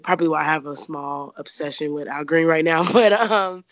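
A woman's voice: low-pitched, normal speed, hardly any pauses, no echo. A young woman from the United States casually telling a personal story as an interview guest, chatty, with many fillers and frequent laughs.

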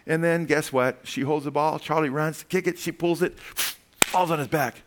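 A man preaching a sermon as pastor, animated, calling "amen?" to the congregation and acting out voices as he tells stories. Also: on the high side, normal speed. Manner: acts out quoted voices in storytelling.

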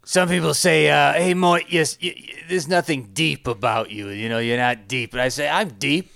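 A man's voice: on the high side, moderate pace, creaky, a bit bright, no room sound. A man voicing a brash, crude male company boss who boasts and barks at his producer, in an improvised comedy podcast bit. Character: brash sleazy male CEO Mort, middle-aged. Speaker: podcast co-host.

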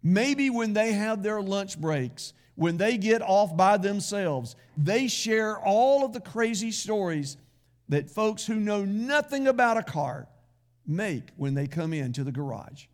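Slow, higher-voiced man preaching. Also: expressive. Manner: folksy, conversational preaching with asides to the congregation. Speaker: pastor. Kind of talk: sermon.

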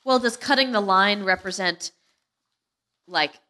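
A woman's voice: medium pitch, sharp tone. A woman hosting a podcast, reacting eagerly in casual chat. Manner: quick, enthusiastic reactions. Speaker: podcast host.

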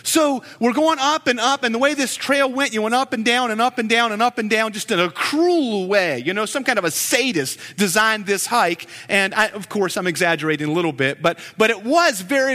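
A man in his forties preaching a sermon as a pastor, telling stories in an animated, joking way. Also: high-pitched, in a large hall. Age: 40s.

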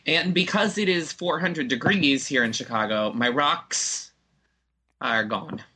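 A man's voice: on the high side, measured pace, sharp tone, slight background noise. A man co-hosting a podcast, chatting casually and joking around. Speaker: podcast co-host. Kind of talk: casual chat. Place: Chicago.

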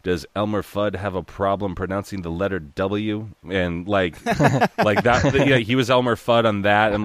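A man's voice: fairly low pitch, no echo. A man in his thirties chatting casually, rambling with many fillers, swearing and restarts, slipping into impressions. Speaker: podcast guest or co-host, dungeon master. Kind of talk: casual chat.

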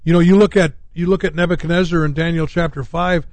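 A man's voice: a little high, steady tone, fast talker, darkish tone, dry recording. Rambling male pastor, dry close sound. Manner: rambling, many fillers and restarts. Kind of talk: radio talk-show sermon.

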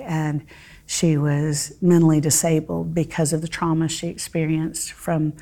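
Low, gravelly woman teaching Bible. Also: mellow. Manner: earnest, heartfelt storytelling with pauses and fillers.

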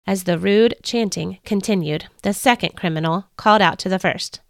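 A woman hosting a podcast, reading a first-person story in an earnest, expressive way. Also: mid-range voice, normal speed, gravelly, few pauses, no echo, studio quality. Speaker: podcast host.

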